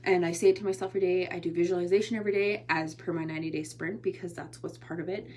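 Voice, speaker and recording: A woman's voice: lowish voice, steady tone, racing, a little mellow, slight background noise. A tired woman hosting a casual motivational livestream, chatty and rambling, often restarting her sentences. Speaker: motivational host and online entrepreneur.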